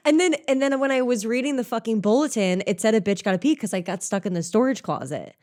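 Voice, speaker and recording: A woman's voice: fairly high pitch, lively intonation, fast talker, darkish tone. A young woman chats casually on a podcast. She tells rowdy stories about herself with a self-mocking edge and swears freely. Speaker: podcast co-host. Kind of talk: casual chat.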